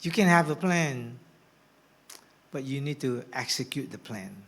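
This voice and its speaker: A man preaching a sermon as pastor, swinging from hushed whispers to rousing shouts. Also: medium pitch, animated, a little slow. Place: church hall.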